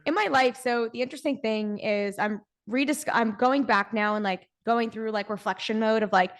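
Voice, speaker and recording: A young woman guesting on a podcast, talking candidly in a relaxed way, often saying "like" and swearing casually. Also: fairly high pitch, normal speed.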